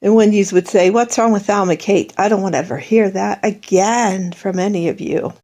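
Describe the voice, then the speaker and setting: A woman's voice: mid-range voice, steady tone, moderate pace, mellow. A middle-aged woman in an emotional monologue, bitter and accusing, rambling, her voice breaking into tears.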